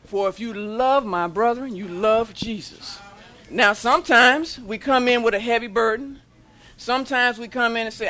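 A woman preaching a sermon in a church, leading the congregation in call-and-response and building to shouts. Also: on the high side, moderate pace. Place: church sanctuary.

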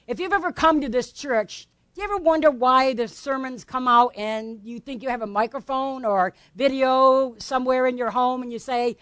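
A woman pastor delivers her sermon in a relaxed, conversational way. She keeps turning questions back to the congregation. Her voice sits high, and the recording is close and dry. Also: moderate pace, dry recording. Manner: conversational, asks the congregation questions, laughs lightly.

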